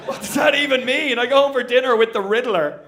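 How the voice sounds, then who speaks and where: A man's voice: extremely high pitch, a bit bright. A young Irish man doing a stand-up set, punchy and self-mocking, with tag lines after each joke. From Ireland. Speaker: stand-up comedian. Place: comedy venue with live audience.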